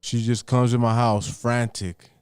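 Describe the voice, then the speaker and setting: A man's voice: mid-range voice, flat delivery, unhurried, clean tone, no room sound. A man casually telling a personal story on a podcast, loose and profane, acting out what his relatives said.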